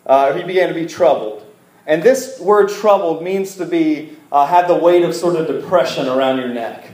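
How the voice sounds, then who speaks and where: A man's voice: fairly high pitch, normal speed, darkish tone, roomy sound, low-quality recording. A man preaching a casual, joking sermon to a congregation in a church, asking them to repeat words back to him. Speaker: pastor. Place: church service room.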